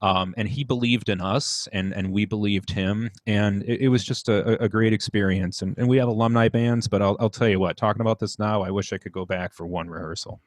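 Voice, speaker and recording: A young man with a Midwestern American accent, a band director recalling his school days in an interview, earnest and halting with frequent restarts. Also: lowish voice, fairly even intonation, no room sound. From United States. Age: young adult. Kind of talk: reflective interview storytelling.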